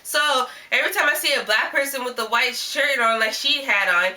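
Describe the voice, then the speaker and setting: A woman vlogger recounting a story in casual, animated chat, filling her sentences with "like". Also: a little high, moderate pace, few pauses, a little hiss or hum. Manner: rambling and animated, constant "like" fillers. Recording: voice a little distant from the mic.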